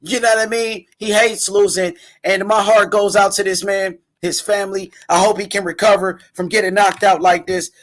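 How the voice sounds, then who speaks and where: A young man with a very high voice hosts a live boxing reaction stream. He talks in loose slang, circling back over the same points as he hypes the fighters. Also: flat delivery, normal speed, hardly any pauses, a bit bright. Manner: casual slangy, repeats himself, hypes fighters. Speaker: boxing commentator, channel host.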